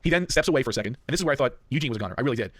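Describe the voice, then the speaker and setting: A man's voice: mid-range voice, racing, dry recording. A man hosting a podcast, recapping a TV episode in casual chat and acting out the characters' lines as he goes. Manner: lively storyteller, acts out lines with laughs. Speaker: podcast host.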